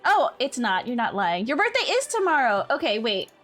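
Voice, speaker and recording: A young woman streamer chatting casually with her viewers, giggly, easily distracted and quick to apologize. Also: a little high, very animated, fairly bright tone, soft background music.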